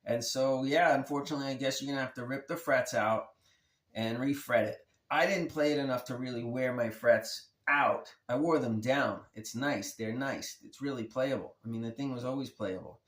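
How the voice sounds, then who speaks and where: A man's voice: medium pitch, normal speed, fairly bright tone, echoey room. A man hosting his own guitar channel, talking in a laid-back, rambling and slangy way. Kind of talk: rambling casual vlog.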